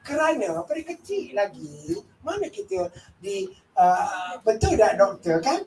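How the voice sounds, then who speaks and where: A woman in her fifties with a Malaysian accent gives a workshop lecture in a lively storytelling manner, acting out the voices she quotes. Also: mid-range voice, unhurried. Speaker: workshop speaker. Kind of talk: lecture mixing Malay and English. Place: training hall. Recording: echoey hall, mic at a distance, faint room noise.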